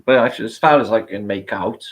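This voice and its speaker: British man, middle-aged, livestream host, low-pitched, rambling, sweary, casual chat. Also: normal speed. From Britain.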